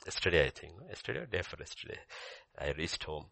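An older man preaching a sermon as pastor, swinging between loud emphasis and soft near-whispers and repeating key phrases. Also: rumbling low, expressive, fast, creaky, dry recording.

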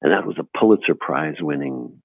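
An older man from Buffalo, New York, a guest actor telling stories in an interview, halting and restarting with chuckles. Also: very deep voice, animated, creaky, breathy edge, dry recording. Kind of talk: casual interview storytelling. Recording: tinny phone-like remote line, dry.

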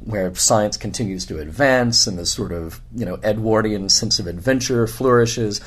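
Low-voiced man with a scratchy voice. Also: normal speed, breathy edge. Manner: musing, enthusiastic, restarts often. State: scratchy voice after a convention. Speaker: podcast host. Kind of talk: casual conversation. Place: hotel room.

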